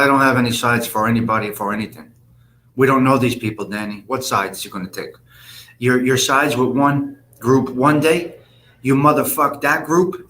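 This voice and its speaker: A man's voice: medium pitch, sharp tone, slight background noise. Blunt, profane man chatting on a live stream. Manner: blunt, profane, rambling street talk. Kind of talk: casual live-stream chat reading comments.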